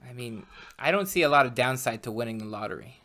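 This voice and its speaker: A man with a bright, mid-pitched voice co-hosts a casual podcast chat. He speaks hesitantly and thinks aloud, filling pauses with ums. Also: expressive. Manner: hesitant, musing, with many ums. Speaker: podcast co-host.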